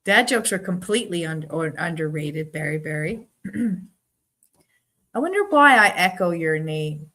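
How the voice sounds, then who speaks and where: A woman with a Newfoundland accent hosts a trivia game on a live stream, speaking in an unhurried, slow rhythm. Her voice sits a little low. She is chatty and giggly, teasing her viewers by name as she reads their answers. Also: expressive, bright, forceful tone. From Newfoundland, Canada.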